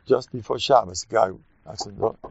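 A man's voice: on the low side, a little fast, vocal fry, breathy edge, no echo. A man giving an informal, joking religious talk full of personal stories and Yiddish and Hebrew terms, in a dull lo-fi recording. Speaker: religious speaker.

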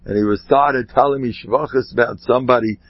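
A man giving an informal Torah talk, telling rambling stories with animated asides. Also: mid-range voice, a little fast, slightly rough, no room sound. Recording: dull lo-fi sound.

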